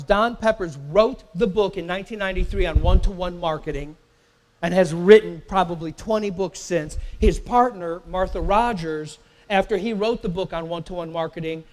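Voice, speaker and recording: High-voiced man teaching a marketing workshop. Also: normal speed. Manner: emphatic, quizzes the audience with questions; repeats words and restarts while talking. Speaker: workshop presenter. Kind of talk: live marketing workshop lecture. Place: live event in a company facility.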